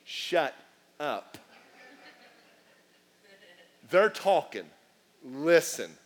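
A man preaching a sermon, animated and full of acted asides and shouted lines. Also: fairly high pitch. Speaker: pastor.

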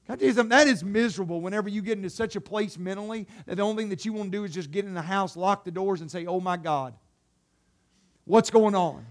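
A pastor delivers a sermon, firing rhetorical questions at the congregation and addressing them directly. He sinks into soft, low passages before climbing to loud exhortation, all rapid-fire with hardly any pauses.

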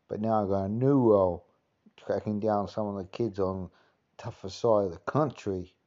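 A man's voice: fairly low pitch, warm tone, muffled recording. A man doing a comic impression of a swaggering Cockney tough-guy geezer, rambling and sweary with endless filler phrases.

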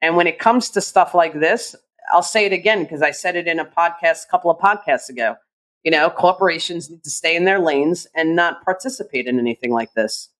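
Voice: mid-range voice, brisk, a bit bright, poor audio. A podcast co-host with a mid-range voice rants about how things have changed, firmly opinionated. The delivery stays conversational and casual throughout. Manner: opinionated, ranting commentary.

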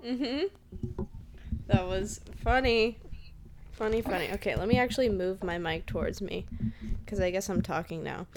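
A young woman co-hosting a podcast in casual chat, with dry, deadpan humor. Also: mid-range voice, measured pace, long pauses, background noise. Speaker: podcast co-host.

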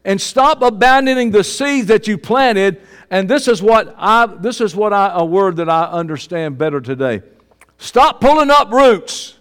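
A male pastor preaching a sermon, swinging between fervent shouts and low, hushed emphasis. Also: moderate pace, smooth. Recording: long reverb of a large hall.

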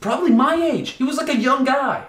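A young man telling a story in a casual chat, animated and full of "like" fillers. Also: extremely high pitch, brisk. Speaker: podcast co-host. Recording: echoey room.

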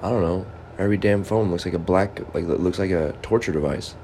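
A man's voice: sits low, brisk, darkish tone, a little hiss or hum. A man and amateur comedian delivering a rambling, improvised monologue, musing aloud in stop-start bursts and scolding things around him.

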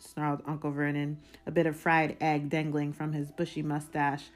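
A woman reads a novel aloud with a very low voice. She takes a measured, deliberate pace through the narration. Faint music sits behind her. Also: completely flat delivery. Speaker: reader.

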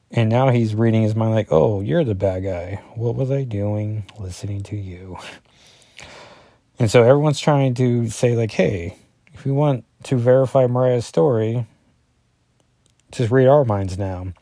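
A man's voice: fairly low pitch, mellow, dry recording, clean studio sound. A man, a father, reviewing a comic book in a casual, rambling solo talk, full of fillers and self-corrections as he reads through the issue.

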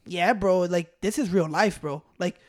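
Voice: mid-range voice, unhurried. A speaker in their thirties rambling casually, laid-back and profane. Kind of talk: casual chat.

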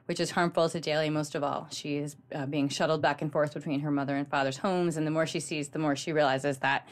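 Podcast cohost lady, gushy and excited, lots of ums, lowish voice. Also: quick pace. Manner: gushing, animated storytelling with many ums. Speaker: podcast co-host. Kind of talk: casual book chat.

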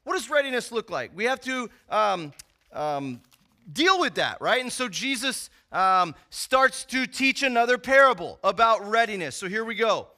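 A man's voice: high-pitched, animated, normal speed, sharp tone. A man preaching a sermon in a conversational, emphatic teaching style, often checking in with tag questions. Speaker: pastor.

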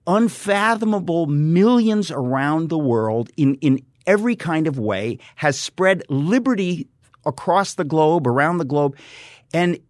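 A middle-aged man with a slightly high voice speaks as a guest in a radio studio, with no room sound. He is a guest author and radio host in an impassioned conversation, fervent and emphatic, often repeating and restarting phrases.

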